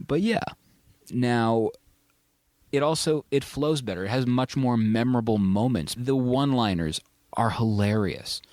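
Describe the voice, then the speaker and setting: A man's voice: mid-range voice, unhurried, a little mellow, no room sound, clean studio sound. A man hosting a casual podcast, reviewing a film with enthusiastic, rambling, joking talk. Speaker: podcast host. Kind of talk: casual movie review chat.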